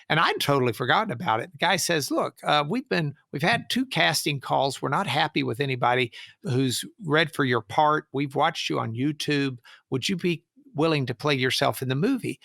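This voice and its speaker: Telling a story in answer to an interview question, a middle-aged trial lawyer on a podcast animatedly performs the voices of those he quotes. He speaks a little fast in a creaky, mid-range voice, and the studio recording is clean with no room sound.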